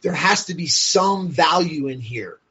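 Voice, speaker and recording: A husky, breathy man with a fairly high voice tells his story candidly, blunt and profane, leaning on "like" and "you know". The recording sounds dull and lo-fi. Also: lively intonation, a little slow, sharp tone. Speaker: podcast guest.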